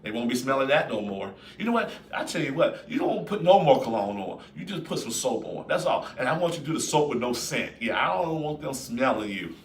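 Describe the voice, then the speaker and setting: A man's voice: medium pitch, sing-song, a little fast, hardly any pauses, slight background noise. A man putting on the voice of a jealous, suspicious wife who scolds her husband in an exaggerated, sassy way. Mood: bossy. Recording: roomy echo, distant mic.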